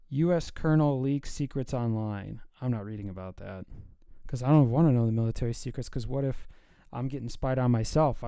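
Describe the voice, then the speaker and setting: A man's voice: mid-range voice, warm tone, smooth, no echo. Joking man streaming in a dry room. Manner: rambling, joking, reads news aloud. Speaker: streamer and cartoon creator. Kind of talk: casual live-stream chat while drawing.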